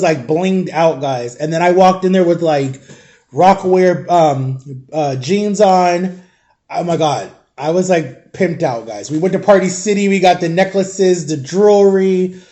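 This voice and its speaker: A man's voice: high-pitched, dark tone. A young adult man vlogging, telling a rambling personal story in a casual way, full of "like" and "guys". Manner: chatty, rambling, frequent "like" and "guys".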